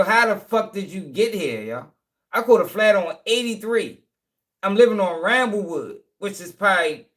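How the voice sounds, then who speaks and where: Man, a bit high-pitched, rambling profane storyteller. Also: fairly bright tone. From Baltimore, USA. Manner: profane, rambling, with repeated check-ins to listeners. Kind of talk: casual storytelling.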